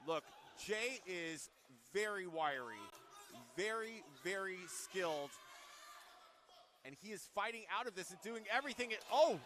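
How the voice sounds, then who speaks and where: A man's voice: high voice, expressive, a little slow, long pauses, bright, forceful tone, slight background noise. A man giving color commentary on live pro wrestling, playful with cheeky asides.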